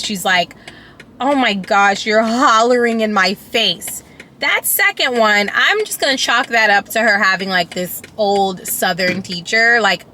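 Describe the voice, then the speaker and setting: A woman vlogger talks through a personal story in a loose, rambling way, full of fillers, restarts and candid emotion. Her pitch sits in an ordinary middle range. Steady engine and road noise from inside a car runs clearly behind her. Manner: candid, emotional, occasionally profane. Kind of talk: casual storytime chat.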